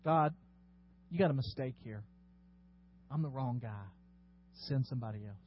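A man's voice: medium pitch, moderate pace, muffled recording, slight background noise, pitched below the performer's own voice, lightly acted. A man voicing a flustered Moses who stammers and pleads with God to send someone else. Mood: insistent. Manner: stammering, protesting, panicky.

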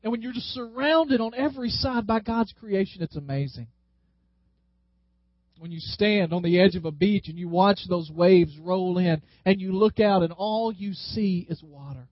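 A man's voice: high voice, no room sound. A man preaching a sermon as a pastor, leading the congregation in call-and-response and drawing words out for emphasis. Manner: slows down and stretches words for emphasis. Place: church. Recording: dull, slightly lo-fi dry sound.

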